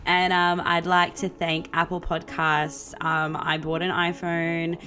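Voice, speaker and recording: Podcast host, early twenties, Australian woman, low-pitched, excitable and crude comic delivery. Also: takes it slowly, soft background music. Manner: excitable, chaotic, swears a lot, swings into silly voices. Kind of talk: casual chat.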